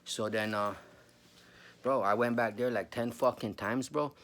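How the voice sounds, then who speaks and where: A man's voice: mid-range voice, steady tone, measured pace, fairly bright tone. A man in his forties telling a spooky personal story in a rambling, profane, casual way, calling the listener bro.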